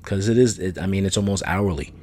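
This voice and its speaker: A man's voice: low-pitched, fast talker, darkish tone, slight background noise. A middle-aged man hosting a solo podcast, talking casually in a blunt, opinionated, rambling way that repeats itself. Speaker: podcast host.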